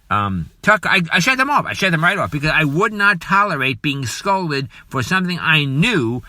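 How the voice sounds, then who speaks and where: Man, podcast host, indignant, repetitive, lively swooping pitch, piercing bright tone. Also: no room sound. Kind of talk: political commentary monologue.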